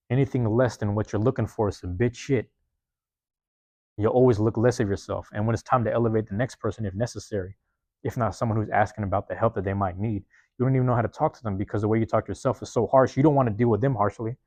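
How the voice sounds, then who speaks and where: Man, podcast host, rapid casual monologue, streetwise and profane, reflective, dry close sound. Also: on the low side, a little mellow, no echo. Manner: profane, rambling, streetwise talk; self-reflective, keeps checking in with listeners.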